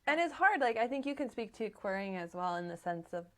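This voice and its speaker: A woman's voice: a little high, very animated, fairly quick, a bit bright. Rambling enthusiastic woman podcaster. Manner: enthusiastic, rambling, lots of fillers. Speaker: podcast co-host. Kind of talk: casual chat.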